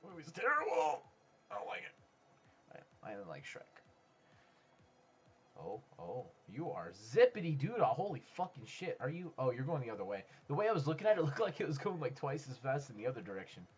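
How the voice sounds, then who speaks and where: A man doing casual let's-play commentary, excitable, swearing and talking to other players, swinging from low mutters to sudden yells. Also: brisk, husky, dull audio. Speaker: gaming YouTuber. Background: faint background music.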